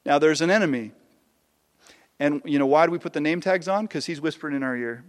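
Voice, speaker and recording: A man preaching a sermon with passion, swinging between loud peaks and hushed lows. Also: fairly quick, long reverb tail. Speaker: pastor.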